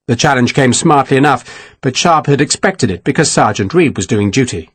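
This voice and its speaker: Expressive man reading an audiobook. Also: medium pitch, a little fast, breathy edge, no echo. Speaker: audiobook narrator. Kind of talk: scripted narration.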